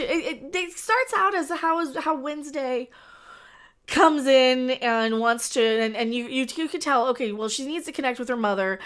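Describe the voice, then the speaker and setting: Female streamer, slightly high voice, casual, opinionated, rambling delivery with lots of restarts. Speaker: host. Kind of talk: casual live-stream review chat.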